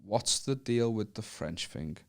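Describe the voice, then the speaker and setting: A man's voice: on the low side, expressive, a little slow. A man with a Northern English accent, a comedy podcast co-host who banters and laughs often. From Northern England. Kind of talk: casual podcast chat.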